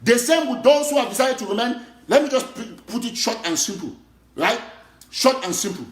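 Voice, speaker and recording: A man's voice: very high-pitched, lively intonation, normal speed, echoey room. A man with a Cameroonian Pidgin English accent, an activist giving an impassioned, repetitive political monologue.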